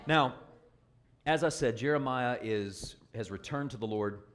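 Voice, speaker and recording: A man preaching with lively, emphatic delivery, asking for amens and drawing call-and-response from the crowd. He mixes jokes into the message. His voice sits at an ordinary pitch for a man. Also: a little slow. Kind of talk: sermon.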